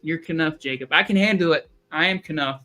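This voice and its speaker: Bright-voiced Southern man, rambling. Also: a little high, normal speed, faint music behind. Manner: rambling, self-deprecating, joking. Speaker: podcast co-host. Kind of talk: casual podcast chat. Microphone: streaming call mic.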